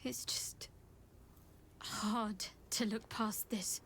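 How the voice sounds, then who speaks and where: A woman voicing a guarded young female cleric in a video game, speaking in a measured, restrained, somber way. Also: medium pitch, fairly even intonation, a bit bright, breathy edge, full character voice.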